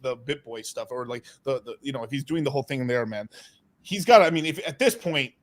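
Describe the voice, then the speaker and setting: A man hosting a casual crypto livestream chat, excitable, swearing often and restarting his sentences. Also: medium pitch, fast talker.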